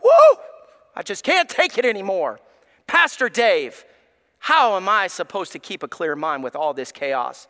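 A man voicing a panicking churchgoer who shouts in fear about the end of the world. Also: high voice, very animated, normal speed, long reverb tail, voice pushed down, heavily acted. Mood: panicked. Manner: shouting, frantic.

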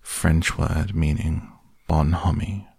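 A man's voice: very deep voice, fairly even intonation, creaky, a little mellow, breathy edge, dry recording, clean studio sound, full character voice. A man doing a gloomy old donkey. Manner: slow, mournful, self-pitying.

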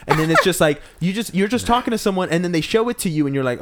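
A young adult man, an actor, in casual chat, telling animated stories with lots of swearing and laughter. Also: high voice, fast, hardly any pauses, slight background noise. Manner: animated storyteller, swears freely, laughs often.

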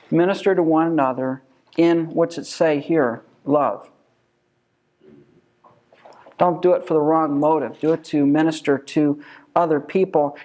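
A man's voice: fairly high pitch, a little mellow. A man teaching a church Bible class, emphatic and full of rhetorical questions.

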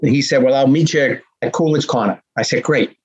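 A man in his sixties from the Boston area, telling his life story as a guest with animated, punchy repetition and acted-out dialogue. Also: mid-range voice, a little fast, slightly rough. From Boston area, USA. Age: 60s. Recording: dull lo-fi recording.

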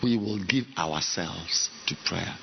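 A male pastor preaching a sermon, swinging between soft talk and sudden loud shouting. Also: sits low, slow, vocal fry, lo-fi sound, slight background noise.

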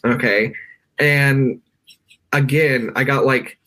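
A man's voice: mid-range voice, steady tone, takes it slowly, fairly bright tone. Man, American, podcast guest, rambling conversational storytelling, lots of fillers, home bedroom, video call. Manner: emotional, many fillers and restarts.

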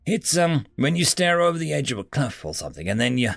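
A man voicing a reckless, cheerful human who rambles eagerly and raises his voice with excitement. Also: mid-range voice, fast talker, gravelly, no room sound, clean studio sound, heavily acted.

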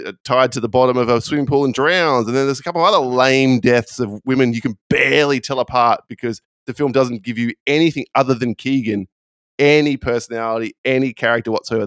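A man's voice: mid-range voice, creaky, dry recording. A man, a blunt, sardonic film critic co-hosting a casual podcast. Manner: sardonic, animated, blunt and profane.

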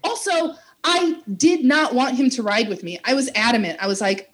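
A woman's voice: sits high, normal speed. A woman, telling a long story in casual chat, acting out quotes and swearing as she goes. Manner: animated, acts out quotes, swears, laughs. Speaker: podcast co-host.

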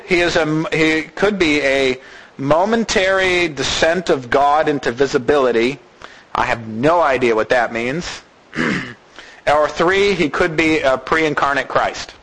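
Animated high-voiced male preacher. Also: measured pace, rough recording. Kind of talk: sermon.

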